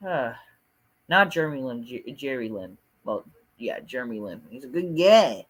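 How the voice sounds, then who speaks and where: A man's voice: mid-range voice, lively intonation, moderate pace, a bit bright. Rambling, swearing male show reviewer. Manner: rambling and dismissive, heavy swearing and fillers. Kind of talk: casual ranting review.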